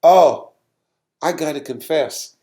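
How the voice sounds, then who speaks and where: Pastor guy telling a story, kinda high voice, gets worked up, repeats himself a lot. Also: slow pace. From United States. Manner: animated, repeats words, rises sharply when telling of anger. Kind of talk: storytelling sermon talk.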